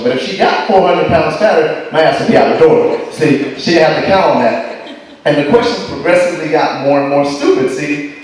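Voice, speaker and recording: A man's voice: on the high side, a little mellow. A man doing a stand-up comedy set, telling stories about a girlfriend in a profane, exasperated way. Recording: echoey hall, distant mic.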